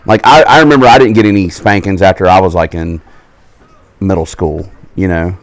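A middle-aged man talks loosely on a podcast, his voice sitting a little low. He tells family stories in a joking way and acts out the other people in them. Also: fairly quick, no echo. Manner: loose storytelling, acts out family quotes, laughs often. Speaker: podcast co-host. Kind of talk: casual chat.

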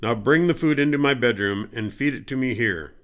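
A cruel young prince barks curt orders at servants and his sister, voiced by a man reading aloud. The voice is an everyday middle-pitched one with only a hard edge. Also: fairly quick, a bit bright, lightly acted. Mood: harsh.

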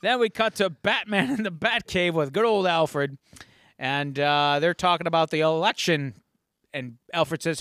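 A male podcast host with a high, bright voice, retelling an episode with lively storytelling energy. The sound is dry and close, with almost no room echo. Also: a little slow. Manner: animated storytelling, acting out quotes. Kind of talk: casual episode recap.

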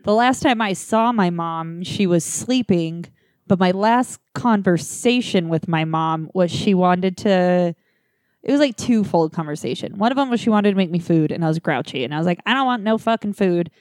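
A woman telling a dark personal story in casual chat, blunt and profane, with laughs between lines. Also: fairly low pitch, lively intonation, moderate pace, no room sound, studio quality.

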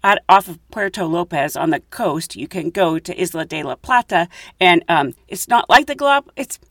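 Female podcast host, self-mocking storyteller, very animated pitch, dry closet recording. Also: normal speed, no room sound. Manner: chatty, giggly, self-mocking. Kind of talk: casual storytelling monologue. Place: closet at home.

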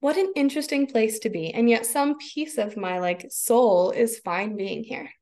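Podcast guest, woman, 30s; raspy fry, lively and expressive, voices her own thoughts. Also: a little high, moderate pace. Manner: expressive, laughs often, acts out her own inner voice. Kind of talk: casual conversation.

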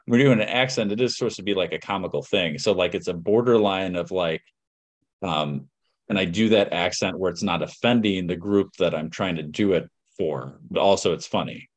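A man's voice: sits low, a little fast. A man hosting a podcast in an easygoing, rambling chat. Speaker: podcast host.

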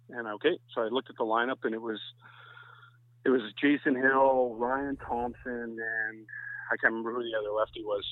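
A man from Canada, a softball pitcher, telling rambling anecdotes as a podcast guest. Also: steady tone, normal speed, dry recording. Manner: rambling anecdotes with many restarts. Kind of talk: casual chat, storytelling. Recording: tinny phone-like line, dry.

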